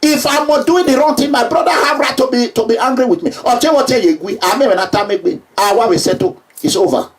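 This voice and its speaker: A Nigerian man giving an emphatic public address, repeating himself and breaking into shouts. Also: extremely high pitch, fast, few pauses, far from the mic. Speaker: political speaker.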